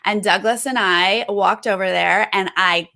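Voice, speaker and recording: A woman co-hosting a casual reality-show recap chat, animated and acting out what people said. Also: medium pitch, a little slow, gravelly. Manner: animated, acts out quotes. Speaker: co-host.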